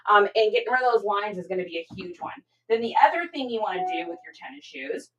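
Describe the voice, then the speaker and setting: A woman's voice: medium pitch, quick pace, highs cut off. Chatty middle-aged woman live-streaming. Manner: chatty and expressive, with frequent fillers and repeated words. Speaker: reseller hosting a live stream. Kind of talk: casual live-stream chat, reading out viewer comments.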